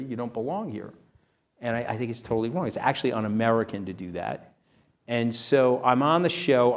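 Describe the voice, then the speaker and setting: A man, an interview guest telling animated stories in a punchy way, often tagging his lines with "okay?". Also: medium pitch. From New York. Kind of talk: animated storytelling.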